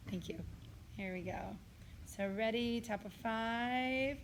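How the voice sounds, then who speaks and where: A woman with a slightly high, tired voice speaks slowly over a faint hiss or hum. In a recorded choir rehearsal lesson, the teacher directs her singers and sings short phrases to demonstrate.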